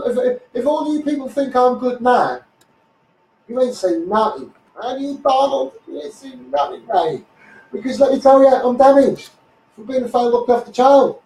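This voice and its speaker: A man's voice: very high voice, mellow, roomy sound, recorded from a distance, poor audio. A man with a Scouse accent ranting bluntly on a live stream, often asking "you know what I mean". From Liverpool, England.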